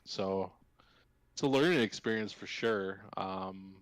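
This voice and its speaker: Brief: low-voiced male podcast co-host, profane and heated, dry close mic. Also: takes it slowly, no room sound, rough recording. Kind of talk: casual sports betting chat.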